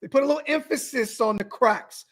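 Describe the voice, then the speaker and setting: A man's voice: very high voice, brisk, fairly bright tone. A man hosting a casual sports podcast, talking animatedly to his viewers, often repeating himself and restarting phrases. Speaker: podcast host.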